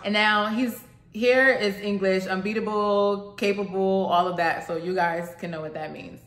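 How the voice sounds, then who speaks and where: A woman's voice: mid-range voice, steady tone, normal speed, reverberant, noisy background. A woman casually explaining song lyrics to her channel's viewers, chatty and thinking aloud as she goes.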